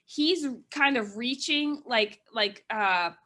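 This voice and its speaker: Bright high-voiced woman recapping a movie. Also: expressive, takes it slowly. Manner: rambling plot recap full of "like" and "kinda". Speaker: movie review co-host. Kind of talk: casual chat.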